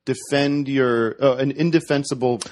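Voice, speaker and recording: A man in casual podcast chat, retelling a story with many restarts and quick corrections. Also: medium pitch, fairly even intonation, darkish tone. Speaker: podcast guest.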